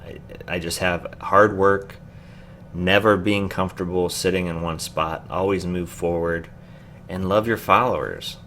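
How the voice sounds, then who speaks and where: Midwestern male YouTuber, very deep, loose and rambling delivery full of fillers. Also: fairly even intonation, a little slow, a bit bright, slight background noise. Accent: Midwestern American. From American Midwest. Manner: rambling and easygoing, with many fillers. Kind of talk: casual vlog chat.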